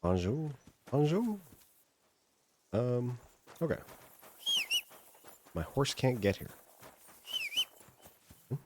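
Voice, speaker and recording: A man's voice: medium pitch, drawn-out words, pauses often, background noise. A man streaming a video game, commenting casually with frustrated, swearing reactions.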